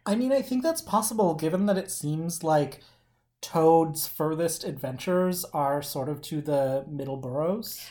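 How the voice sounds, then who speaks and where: A podcast co-host chatting casually in a dry, teasing way. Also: male voice, a little high, unhurried, dark tone. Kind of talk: casual chat.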